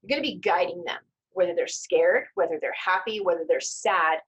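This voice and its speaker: A woman's voice: on the low side, moderate pace, lo-fi sound, slight background noise. Woman coaching a storytelling class. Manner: warm-hearted coaching tone, gentle reassurances, self-corrections. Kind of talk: live online class, instructive and conversational.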